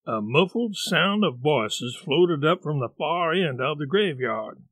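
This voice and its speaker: Slow, deliberate male audiobook narrator. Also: fairly high pitch, animated, fairly bright tone, dry recording. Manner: measured, deliberate storytelling.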